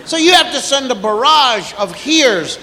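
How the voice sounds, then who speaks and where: A man performing a stand-up routine before a live audience, telling animated stories and mimicking parents and children. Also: very high-pitched, measured pace, a little hiss or hum. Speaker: stand-up comedian. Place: large theater stage before a live audience. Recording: roomy hall recording with audience laughter.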